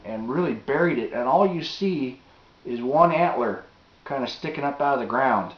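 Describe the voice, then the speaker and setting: A man recounts an outdoor story in a loose, spoken style, acting out quotes and swinging between hushed and loud. The sound is roomy and a little dull, like a home video. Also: medium pitch. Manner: animated, acts out quotes, drops to a hush.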